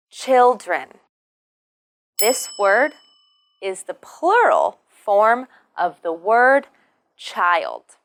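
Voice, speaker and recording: A woman teaching English pronunciation, speaking slowly and modelling each word with careful stress. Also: mid-range voice, huge pitch swings. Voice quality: careful, drawn-out modelling of words. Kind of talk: slow, clearly enunciated pronunciation lesson.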